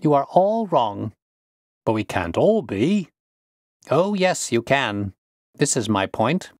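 Storybook detective, calm and assured, deliberate delivery, voiced by a man. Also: mid-range voice, no echo, studio quality, pitched above the performer's own voice. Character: calm, confident male detective.

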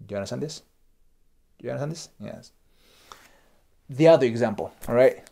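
A man's voice: mid-range voice, expressive, a little fast, creaky, mellow. A Japanese man speaking English with a Japanese accent, hosting a casual explanatory monologue about culture. He talks animatedly, swears casually, and keeps checking in with the viewer. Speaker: YouTube host and cross-cultural lecturer.

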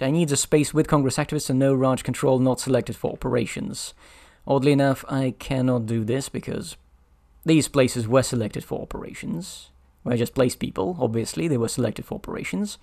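Guy doing a solo board game playthrough, thinking out loud, bit of vocal fry, mid pitch. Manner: thinking aloud, muttering over rules.

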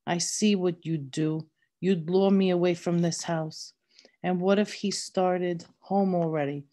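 Storybook role: a grief-crazed, cold, commanding mother, read by a woman, slow and low. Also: fairly even intonation, warm tone, lightly acted. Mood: desperate. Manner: harsh, cold insistence.

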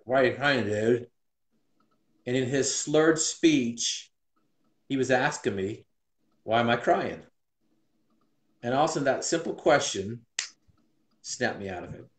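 A man in his forties from Utah, earnestly and reflectively telling a personal story as an interview guest. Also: medium pitch. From Utah, USA. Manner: earnest and reflective, many restarts. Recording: roomy echo.

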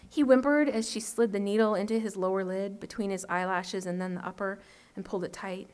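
A woman author reading her short story aloud at an open mic, in a steady, measured way. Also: medium pitch, smooth.

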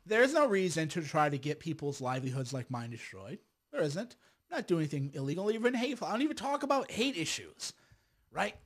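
A middle-aged man delivers a combative, casual monologue to his viewers. His voice sits fairly high for a man, and he restarts phrases, repeats words and checks in with "right?" as he argues his point. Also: very animated, a little fast. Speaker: lawyer and filmmaker.

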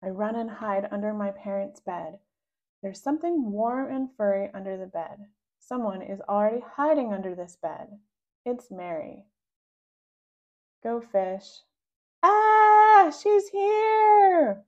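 A woman reading a children's book aloud, voicing the child narrator with sudden high, loud outbursts. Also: normal speed, dull audio. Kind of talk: read-aloud storytelling.

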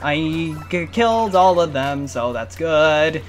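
A man's voice: on the high side, slow. A man giving let's play commentary, talking to himself and his viewers in a running stream, with panicky outbursts and cursing. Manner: excitable, panicky outbursts and cursing while playing. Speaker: gaming channel host. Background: faint game music.

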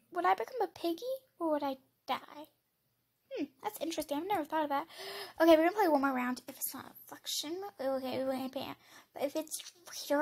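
A woman commentating her game, excitable and rambling, jumping from loud squeals to hushed whispers. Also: high-pitched. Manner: rambling with many fillers. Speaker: gamer.

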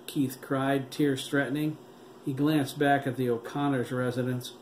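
Guy reading his own audiobook, even and steady, echoey room, bit of hiss. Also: mid-range voice, normal speed. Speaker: author and audiobook narrator. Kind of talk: audiobook narration.

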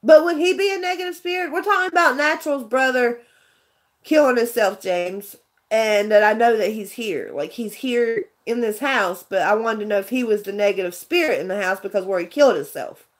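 Woman, casual live vlogger, rambling earnest storyteller, slightly high voice. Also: a little fast. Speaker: vlogger chatting with viewers. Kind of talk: casual livestream chat.

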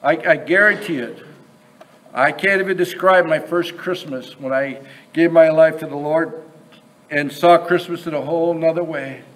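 A man with a high speaking voice preaches an earnest sermon. He talks plainly and often repeats words as he finds his way through his points. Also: normal speed, fairly bright tone, rough recording.

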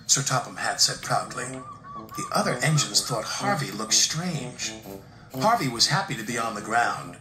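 A man narrates a children's storybook with an animated, expressive delivery. His pitch moves about a lot as he tells the story. The reading sounds roomy, with music playing underneath. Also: moderate pace. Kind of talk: storybook read-aloud. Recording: roomy room with background music.

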